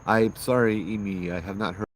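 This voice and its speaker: Man, livestream ghost storyteller, relaxed and chatty, outdoors at night, faint background noise. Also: lowish voice, moderate pace. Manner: relaxed, chatty, laughs often, greets chat viewers. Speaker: ghost-story livestream host and former tour guide. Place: outdoors at night with bugs around.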